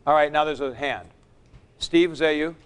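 A man's voice: a little high, normal speed, clear, resonant tone. A man teaching a Greek grammar class, explaining patiently, repeating his points and reciting word forms. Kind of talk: classroom lecture.

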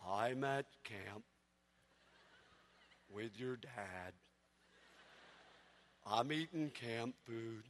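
A man voicing a gloomy, mopey donkey who drones slowly in a deep voice. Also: a bit bright, a little hiss or hum. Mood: glum. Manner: slow, droning, sighing. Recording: long reverb of a large hall.

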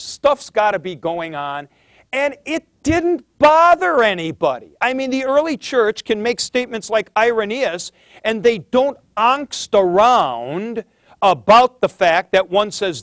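A man's voice: high-pitched, no echo, studio quality. A middle-aged man teaching a theology class in a conversational lecture, thinking aloud and stressing key points.

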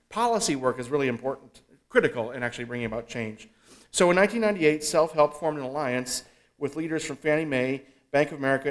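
A man with a mid-range voice reads out a prepared introduction for a guest speaker at an event. He stumbles now and then on small fillers but keeps his delivery steady. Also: mid-range voice.

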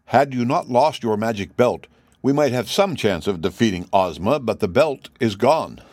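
A man voicing a calm, blunt army general who speaks in a steady, dry manner. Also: mid-range voice, moderate pace, dry recording, lightly acted.

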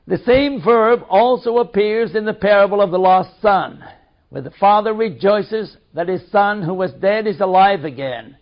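A man reading a study text aloud in a measured, deliberate way. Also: high-pitched. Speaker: reader. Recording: dull lo-fi recording.

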